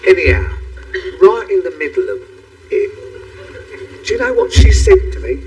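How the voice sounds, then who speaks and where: A man's voice: sits high, wildly swooping pitch, normal speed, a little mellow, far from the mic, heavily acted. An actor playing an old grandfather who rambles through a story. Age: older.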